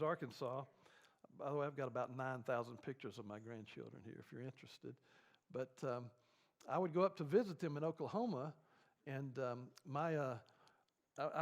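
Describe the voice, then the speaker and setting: A man's voice: a little high, darkish tone. Folksy older grandfather telling stories. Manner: folksy, rambling storytelling with many fillers. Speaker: grief seminar leader. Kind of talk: church seminar talk with folksy stories. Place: church.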